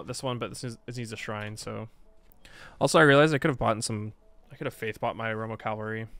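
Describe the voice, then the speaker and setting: A man narrating his strategy game in a loose, chatty way, poking fun at himself and snapping back at the computer players. His pitch swings up and down a lot, so he sounds lively and animated. His voice sits at an ordinary middle height for a man. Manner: chatty, self-mocking, talks back at the game. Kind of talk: casual Let's Play commentary.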